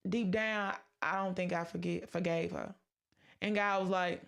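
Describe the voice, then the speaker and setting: A woman's voice: lowish voice, fairly even intonation, unhurried, creaky, clean tone. A woman hosting a podcast, sharing a personal faith testimony in an earnest, emotional way and acting out her own past words. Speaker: podcast host.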